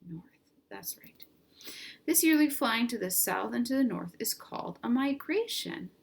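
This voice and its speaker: A woman teacher giving an online reading lesson, reading out vocabulary words slowly and prompting children at home to repeat them. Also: on the high side, animated. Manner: slow, clear word drills with prompts.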